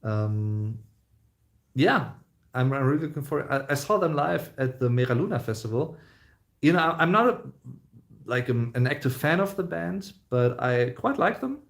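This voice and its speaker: A man's voice: mid-range voice, big pitch swings, moderate pace, vocal fry. A man in his thirties with a German accent, hosting a casual live stream, reading viewer comments and rambling with many fillers and restarts. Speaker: YouTube host reading live chat.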